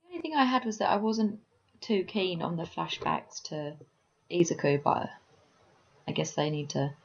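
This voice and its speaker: A woman's voice: on the low side, normal speed, vocal fry, husky, dull audio. A woman co-hosting a podcast, talking in a dry, matter-of-fact way and plainly explaining things in casual chat. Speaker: podcast co-host. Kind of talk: casual chat reviewing an anime episode.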